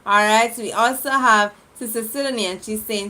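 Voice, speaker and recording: A woman hosting a livestream game, reading out viewer comments in an affectionate, lively way and laughing often. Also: fairly high pitch. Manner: lively and affectionate, laughs often, shifts quickly between loud and soft.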